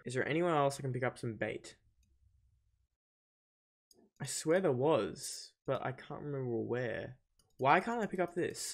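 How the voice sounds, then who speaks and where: Thinking aloud as he plays, this chatty gaming host speaks in a mid-range voice with vocal fry. His commentary is casual, and he's easily confused.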